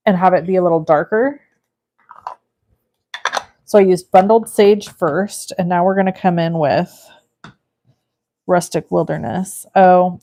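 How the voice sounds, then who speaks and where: A woman from California runs a casual live card-making demo, talking as she works and reading viewer comments aloud. Her voice is warm and on the low side, with slight background noise.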